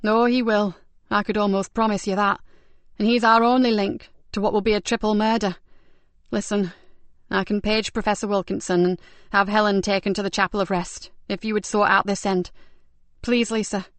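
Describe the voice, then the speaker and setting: A woman's voice: mid-range voice, level tone, normal speed, dry recording, lightly acted. A woman voicing a determined female detective who speaks urgently and pleads to be heard.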